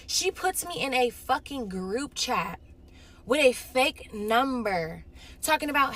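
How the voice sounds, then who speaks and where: A young woman from Los Angeles, telling a casual storytime monologue in an animated way, acting out the other people in her story. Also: high-pitched, unhurried. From Los Angeles, California.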